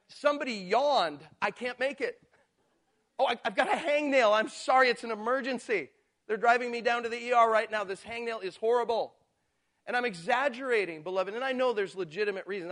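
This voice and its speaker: A man with a high voice preaching a sermon. He drops to soft, low asides, then climbs into loud, drawn-out emphasis. Now and then he mimics people's excuses in a mocking tone. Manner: swings from quiet asides to loud, slow emphatic build-ups.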